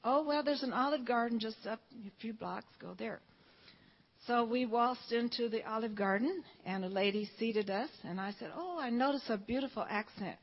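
A woman's voice: fairly high pitch, moderate pace. An older woman from Georgia, telling a fervent story-filled testimony at church. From Georgia, USA. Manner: storytelling, fervent, quotes people in dialogue. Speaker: church speaker giving testimony. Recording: dull lo-fi recording.

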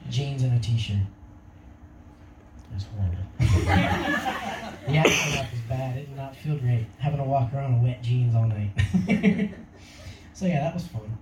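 A man's voice: mid-range voice, a little slow, long pauses, roomy sound, distant mic, noisy background. Young man giving a rambling testimony. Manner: rambling, casual, laughs often. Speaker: testimony speaker. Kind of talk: personal testimony.

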